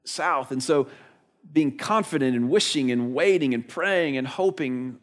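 A male pastor preaching a sermon, telling a story with lively rhetorical questions. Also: mid-range voice, unhurried.

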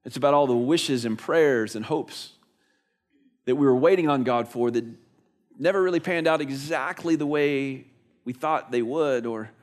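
A male pastor preaching a sermon, telling a story with lively rhetorical questions. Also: medium pitch, moderate pace.

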